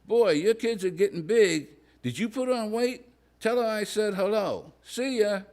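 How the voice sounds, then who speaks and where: A man's voice: sits high, a little mellow, pitched above the performer's own voice. A man reading a story aloud, voicing a nosy, chatty woman acquaintance who fires off small talk. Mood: gushing. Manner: gushing, rapid-fire small talk.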